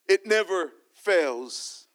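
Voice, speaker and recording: A man's voice: high-pitched, expressive, extremely slow. A man preaching a sermon as pastor, repeating his points and calling out to the church.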